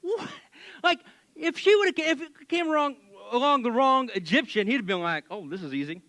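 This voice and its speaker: A man's voice: very high-pitched, moderate pace. A man preaching as a pastor in a church, telling a Bible story casually with jokes and acted-out voices. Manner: animated, joking, acts out voices.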